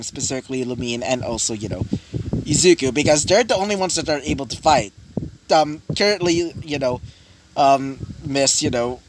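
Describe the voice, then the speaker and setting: A man narrates an improvised fan story, wandering through it with fillers and restarts. His voice sits a bit high and swings widely in pitch. The recording carries clear background noise. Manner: rambling, many fillers and restarts. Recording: noisy home recording.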